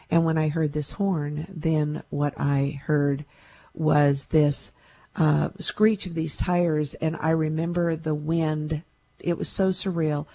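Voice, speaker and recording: A woman tells her own story in a warm, somewhat breathy voice, earnest and reflective, with touches of dry humor. The recording sounds a bit muffled and lo-fi. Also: low-pitched. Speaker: storyteller recounting a near-death experience. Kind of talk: personal storytelling.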